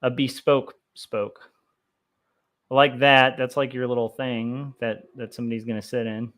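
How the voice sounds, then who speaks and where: A man's voice: medium pitch, normal speed. Rambling man chatting while he draws. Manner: rambling, many fillers, excitable about history. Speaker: comic artist streaming his drawing. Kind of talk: casual livestream chat while drawing.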